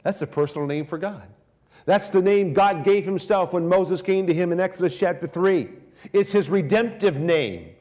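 A man preaching a sermon, swinging from hushed, drawn-out phrases to raised, emphatic declarations. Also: sits high.

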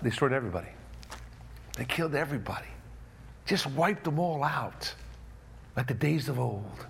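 Animated male preacher acting out scenes. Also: mid-range voice, moderate pace, vocal fry, slight background noise. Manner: animated, acts out voices of the story; restarts and repeated words. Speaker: pastor. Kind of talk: sermon.

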